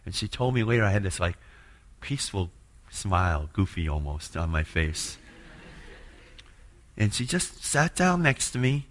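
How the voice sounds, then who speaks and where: A man telling an earnest spoken testimony of faith, moving between hushed passages and loud, impassioned ones. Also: on the low side, big pitch swings, measured pace, pauses often, a little hiss or hum. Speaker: churchgoer sharing a personal testimony.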